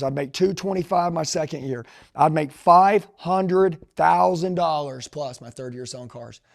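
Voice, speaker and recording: A middle-aged man, a sales trainer, telling his story in an intense, emphatic motivational way that swings between loud pushes and low asides. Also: gravelly.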